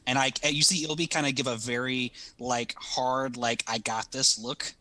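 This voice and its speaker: A man playing a tabletop game, describing his character's actions in an animated storytelling way. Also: medium pitch, normal speed, low-quality recording. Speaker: player.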